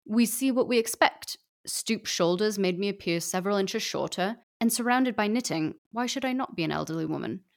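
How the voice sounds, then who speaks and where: A woman's voice: medium pitch, lively intonation, fairly quick, hardly any pauses. A woman voicing a suave, educated British man with a British accent, a self-assured master of disguise in a storybook. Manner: smooth, explaining, self-assured.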